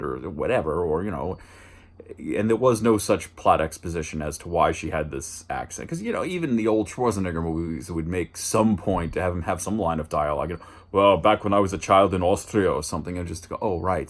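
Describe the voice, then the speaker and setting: A man hosting a casual movie review, rambling and chatty, with restarts and dry asides. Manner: jumps higher and louder when mimicking lines.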